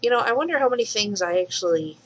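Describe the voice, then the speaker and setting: A woman's voice: medium pitch, lively intonation, quick pace, fairly bright tone, breathy edge, low-quality recording. A woman casually commenting on her own game as she plays, chatting to the animals she meets and squealing when startled. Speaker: let's play host and mod maker.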